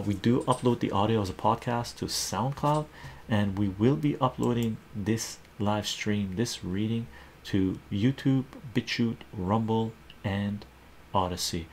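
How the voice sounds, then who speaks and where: A man's voice: fairly low pitch, darkish tone, a little hiss or hum. A man hosting a casual live stream, chatting with his viewers, laughing often and reading their comments aloud.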